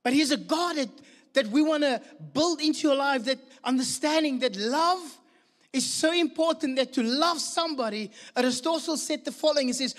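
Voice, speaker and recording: A man preaching a sermon, telling a story with animated delivery. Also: very high-pitched, normal speed, big-room sound. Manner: storytelling, lively and animated with laughter. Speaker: pastor.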